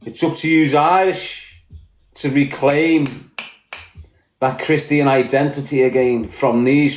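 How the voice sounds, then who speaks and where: A man's voice: a little high, fairly even intonation, unhurried, faint music behind. Combative Liverpool man, echoey room. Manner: blunt, combative, heavy swearing. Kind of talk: heated podcast rant.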